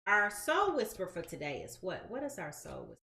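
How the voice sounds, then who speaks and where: A woman's voice: on the low side, huge pitch swings, brisk, gravelly, sharp tone, roomy sound. A woman giving a casual live-stream tarot reading, chatty and slangy, talking straight to her viewers. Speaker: tarot reader.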